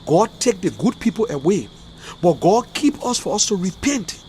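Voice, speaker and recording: A Liberian man with a Liberian English accent hosts an online talk show, delivering impassioned livestream commentary in an emotional, fiery style full of repeated outbursts. His high-pitched voice is very animated and a little mellow, at a moderate pace, with a slight hiss or hum.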